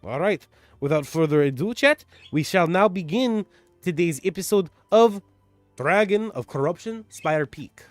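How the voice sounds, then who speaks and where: Give me an animated dungeon master streamer with a high voice. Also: male voice, unhurried, no room sound, soft background music. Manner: animated, rambling, repeats himself. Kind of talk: livestream game mastering and recap.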